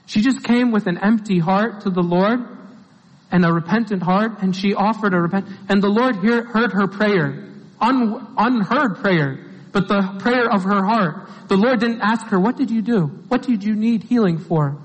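High-voiced man preaching in an echoing hall. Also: a little slow. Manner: earnest, asks the listeners rhetorical questions. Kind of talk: informal sermon. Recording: long hall reverb.

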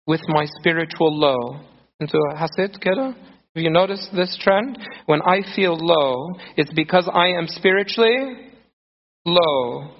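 A man's voice: on the high side, vocal fry. A man preaching a sermon earnestly, acting out scripture quotes with feeling. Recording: muffled sound in a reverberant hall.

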